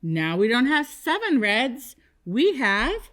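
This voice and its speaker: Casting: woman kindergarten teacher, very animated pitch, slow deliberate pacing, sing-song repeat-after-me delivery. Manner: slow, sing-song call-and-response with young children. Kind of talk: televised classroom lesson.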